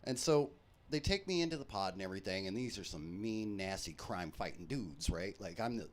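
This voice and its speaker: A man hosting a live stream, telling comic stories from his life in a profane, animated way. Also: sits low. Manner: profane, animated, quick jokes. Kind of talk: comedic storytelling.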